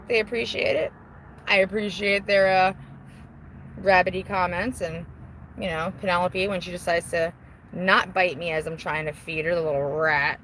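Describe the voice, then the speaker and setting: A woman's voice: medium pitch, a bit bright, a little hiss or hum, low-quality recording. Chatty, self-mocking woman talking outdoors. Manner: chatty, self-mocking, swears freely, laughs often. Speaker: vlogger reading viewer comments. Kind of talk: casual rambling chat. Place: outdoors on a porch while smoking.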